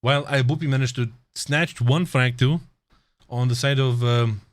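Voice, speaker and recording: A man's voice: medium pitch, steady tone, normal speed. A man with a Russian accent giving casual, joking live esports commentary and chatting with viewers, laughing often. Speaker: esports caster.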